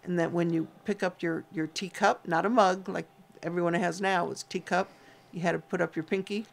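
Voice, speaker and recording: This woman's lowish, creaky voice holds a steady tone at a moderate pace. As co-host of a relaxed homestead livestream, she chats and teases while going through viewers' names and comments.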